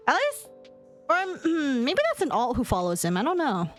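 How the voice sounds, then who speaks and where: Giggly young Californian woman, high lively voice. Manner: giggly, laughs often, animated. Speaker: streamer. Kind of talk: casual stream commentary.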